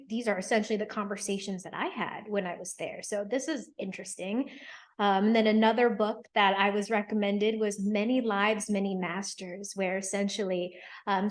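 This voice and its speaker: A woman in her thirties, an attorney and hypnotherapist, earnestly telling her personal story in a thoughtful, reflective interview. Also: mid-range voice. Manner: earnest, thoughtful, with frequent ums and quoted inner thoughts.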